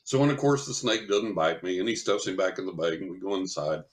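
An older man, a psychic medium guest, telling a story in casual chat, lively and chuckling as he acts out what people said. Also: sits low, brisk. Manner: animated anecdotal storytelling, chuckles often, acts out quotes.

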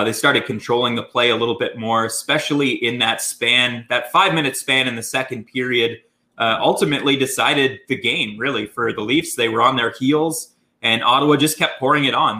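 Bright-voiced man, strained from screaming. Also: medium pitch. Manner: animated game recap, many "uh" fillers. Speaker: podcast co-host. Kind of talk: casual sports podcast chat.

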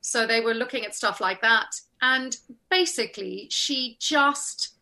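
A woman's voice: on the high side, measured pace. A woman, an actor, telling a self-deprecating anecdote as a guest in a casual conversation. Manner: animated storyteller, self-deprecating.

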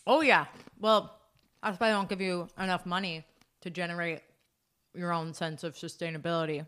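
A woman co-hosting a podcast in casual chat, who talks emphatically with halting restarts and frequent laughter. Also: lowish voice, steady tone, fairly bright tone, clear, resonant tone. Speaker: podcast co-host.

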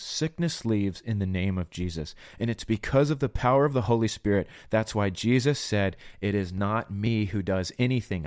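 Earnest low-voiced man preaching. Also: a little mellow, dry recording, studio quality. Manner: earnest, pleading, acts out quoted voices. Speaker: podcast host preaching. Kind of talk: solo podcast sermon.

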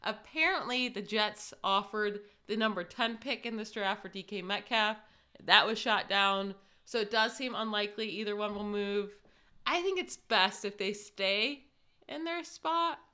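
Bright-voiced woman podcast co-host. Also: mid-range voice, a little slow. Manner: chatty, reads out news items with asides. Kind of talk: casual sports chat.

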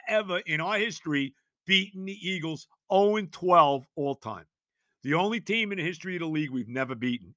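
Loud ranting high-voiced New man. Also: animated, fairly quick, no echo, clean studio sound. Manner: loud, exasperated ranting with shouted repetitions. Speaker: sports podcast host. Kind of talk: sports talk rant.

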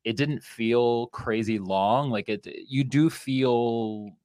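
A man co-hosting a casual movie review podcast, relaxed and wry. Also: medium pitch, takes it slowly, no room sound, clean studio sound. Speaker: podcast co-host.

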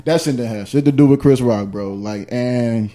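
A man's voice: medium pitch, normal speed, mellow. A man co-hosting a casual podcast chat, laid-back and drawling, with many fillers. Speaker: podcast co-host.

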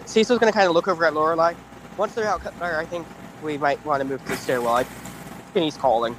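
A man playing a tabletop game, asking quick questions with restarts. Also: a little high, noisy background. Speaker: player. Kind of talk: casual tabletop play.

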